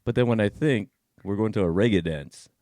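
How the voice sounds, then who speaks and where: Low-voiced animated male storyteller, dry studio. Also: a little fast, no room sound. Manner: animated storyteller, swings from low mutters to loud bursts. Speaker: podcast co-host. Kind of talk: casual chat.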